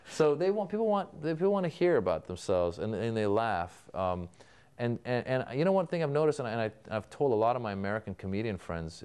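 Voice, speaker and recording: A comedian guest answers interview questions like a storyteller, acting out old exchanges he had with people. His voice is lowish, smooth and resonant, with a somewhat dark tone.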